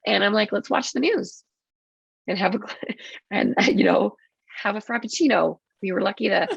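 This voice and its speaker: A woman's voice: medium pitch, vocal fry, husky, dry recording. A woman nurse being interviewed on a podcast, telling a story casually with lots of swearing and acted-out quotes, on dull lo-fi audio. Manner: swearing, quick and vivid, acts out her own quotes.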